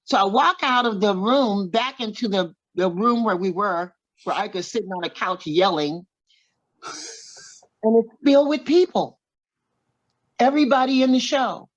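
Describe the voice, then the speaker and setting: An interview guest and singer from Oklahoma, USA, now in her seventies, spins an animated tale and performs others' dialogue. Her mid-range voice moves at a moderate pace, captured with lo-fi sound.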